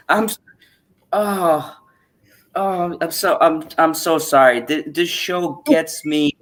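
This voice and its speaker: A woman with a deep voice speaks slowly while hosting a casual open-chat stream. She rants in a profane, exasperated way and laughs frequently.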